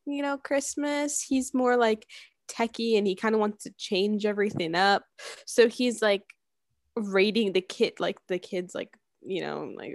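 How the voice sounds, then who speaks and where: A woman's voice: on the high side, no echo, studio quality. A young woman co-hosting a casual movie review, fumbling and correcting herself as she recaps. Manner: fumbling, self-correcting, laughs at her own slips. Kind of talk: casual chat.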